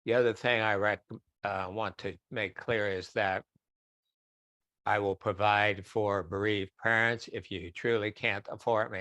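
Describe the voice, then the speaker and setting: As a guest in an online webinar Q&A, a man chats freely and sometimes acts out voices when quoting. His voice is on the low side, bright and forceful, and the recording is dry.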